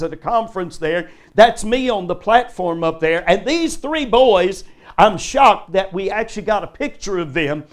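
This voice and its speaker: An older man delivers a live sermon to a congregation at a church service, his voice notably high for a man. He hammers his points home by firing repeated, emphatic questions straight at his listeners.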